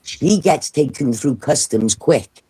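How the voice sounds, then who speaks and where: Sitting low in pitch and slightly rough, this middle-aged woman from the UK speaks at a slow pace. As a livestream host, she tells a story casually and bluntly, swearing a lot and retelling events with animation.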